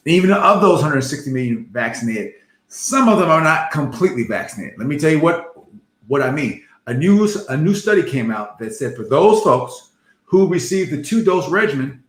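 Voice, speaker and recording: Cheerful male ER physician, higher voice, simple explainer, echoey room. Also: fairly bright tone. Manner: jovial, laughs often, explains simply. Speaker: emergency medicine physician. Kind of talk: casual health talk.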